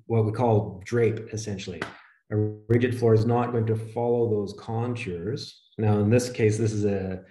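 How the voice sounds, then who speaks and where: A man presenting a webinar, walking through slides in a steady, conversational, explanatory way. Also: medium pitch, reverberant.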